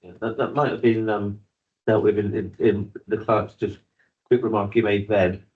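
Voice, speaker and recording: Welsh male councillor, low voice, measured and questioning, lo-fi sound. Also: fairly even intonation. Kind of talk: council meeting discussion. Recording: dull lo-fi meeting room recording.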